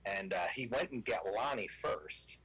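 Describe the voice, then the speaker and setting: A man's voice: fairly low pitch, moderate pace, husky, low-quality recording. A man telling a funny hunting anecdote as a guest on a casual show. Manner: animated anecdote teller. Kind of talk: casual storytelling.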